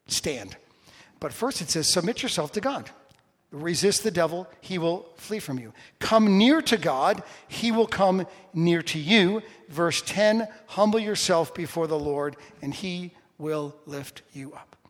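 A man preaching a sermon as pastor, chatting with the congregation and building to loud, emphatic bursts. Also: fairly high pitch. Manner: conversational with the congregation. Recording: long hall reverb.

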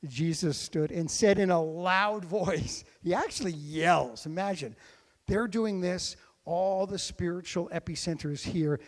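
Pastor guy preaching, kinda high voice, goes quiet then loud, big echoey church sound. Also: unhurried. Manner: dynamic preaching, swinging from hushed to shouted. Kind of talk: sermon.

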